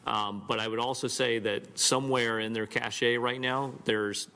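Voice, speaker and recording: A man giving measured, explanatory testimony as a witness at a hearing. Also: medium pitch, fairly even intonation, bright, forceful tone. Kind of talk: formal testimony.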